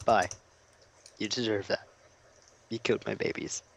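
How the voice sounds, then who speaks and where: A man's voice: lowish voice, fairly even intonation, measured pace, gravelly, slight background noise. A man doing casual gaming commentary as co-host, joking and teasing his partner. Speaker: co-host gamer.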